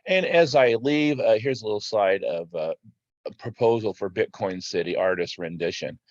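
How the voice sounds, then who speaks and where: Halting low-voiced man on dry lo-fi mic. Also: dry recording. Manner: halting, with many "uh" fillers and restarts. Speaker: crypto video host. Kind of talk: casual commentary over slides. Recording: dull, slightly lo-fi dry sound.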